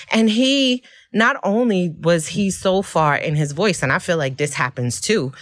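A woman hosting a podcast, telling a personal story in a candid, expressive way and often laughing. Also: on the low side, slow pace, dry recording. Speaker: podcast host.

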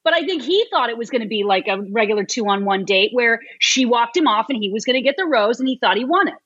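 A woman guest on a podcast, giving animated opinions in casual chat. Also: a little high, fast talker, breathy edge. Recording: dull lo-fi sound.

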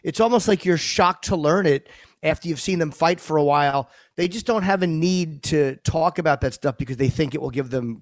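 A man co-hosting a podcast, reflecting aloud with halting, self-correcting speech. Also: fairly high pitch, no room sound. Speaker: podcast co-host. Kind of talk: podcast interview, casual.

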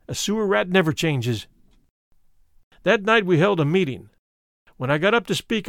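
A man with a high voice reads a first-person memoir with lively, expressive storytelling. His pitch moves a lot as he tells the story. The recording is close and dry, with no room sound. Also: dry recording. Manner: expressive storytelling reading, voicing quoted speakers. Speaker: audiobook reader. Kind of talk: scripted memoir narration.

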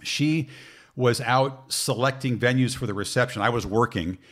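A middle-aged man chatting casually as a guest, telling anecdotes in an animated way and laughing easily. His voice sits in an ordinary middle register. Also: medium pitch, normal speed. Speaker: sports broadcaster guest. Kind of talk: casual chat, storytelling.

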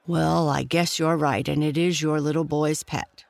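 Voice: medium pitch, fairly even intonation, measured pace, vocal fry, no room sound, a faint crowd. A narrator reading a fair-minded circus man. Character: puzzled, fair-minded male circus owner.

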